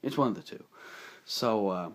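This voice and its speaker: A man's voice: fairly low pitch, normal speed. Rambling man recapping a movie, a bit unwell. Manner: rambling, excitable, quotes movie lines in put-on voices. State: unwell, slightly rough voice. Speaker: movie reviewer. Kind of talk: casual spoken film recap.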